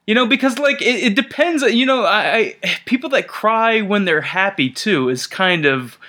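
Casual chatty man host, rambly and jokey, kinda higher voice, bright and crisp. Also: animated. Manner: rambling and joking, with many halting restarts. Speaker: podcast host. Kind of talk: casual chat over a conference call.

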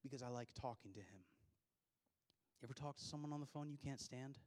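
A man's voice: mid-range voice, a little fast, a little mellow. A male pastor giving a sermon to his congregation, pressing his points with rhetorical questions and dropping into plain, conversational asides. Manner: emphatic preaching full of rhetorical questions.

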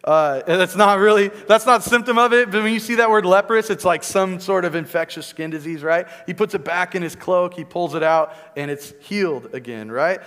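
A man's voice: sits high, normal speed, few pauses, fairly bright tone. A male preacher giving a conversational teaching sermon, often checking in with "right?" asides. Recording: long reverb in a large hall.

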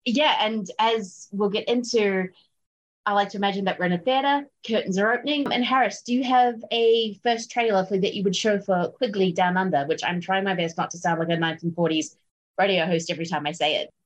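A woman's voice: mid-range voice, a little fast. A woman hosting a film podcast in a chatty, upbeat way with fillers and little laughs. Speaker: podcast host. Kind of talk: casual film chat.

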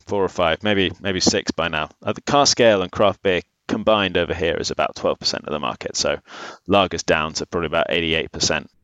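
Deep-voiced man telling a story. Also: a little fast, clear, resonant tone, no echo, highs cut off. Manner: animated storyteller, many restarts. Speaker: brewery founder. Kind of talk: casual interview talk.

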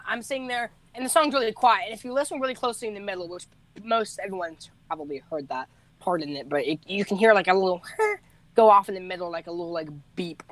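A man's voice: sits high, fast talker, fairly bright tone, dry recording. A teenage boy, a musician co-hosting a podcast, telling rambling stories in casual chat, laughing and correcting himself as he goes.

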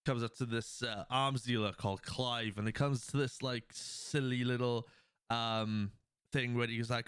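A man's voice: mid-range voice, little pitch movement, moderate pace, fairly bright tone, clear, resonant tone, dry recording, clean studio sound. A man hosting a podcast, recapping a film's plot in a loose, rambling way with lots of fillers. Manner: acts out quoted lines. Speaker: podcast host. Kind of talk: casual film plot recap.

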